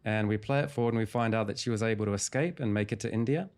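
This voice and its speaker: In a calm, measured manner, a fairly low-voiced man who is a hypnotherapist retells a client's story during an interview, walking through every stage of the session.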